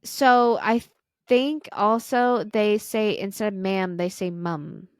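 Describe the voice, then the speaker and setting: A woman's voice: medium pitch, fairly even intonation, takes it slowly, clean tone, no echo, studio quality. A woman podcast co-host reading a listener's story aloud, with small stumbles and restarts.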